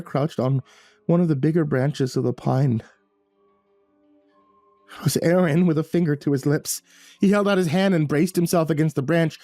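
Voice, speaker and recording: A man's voice: fairly high pitch, dark tone, no echo. A man narrating a first-person horror story in a tense, breathless way, stumbling over words now and then.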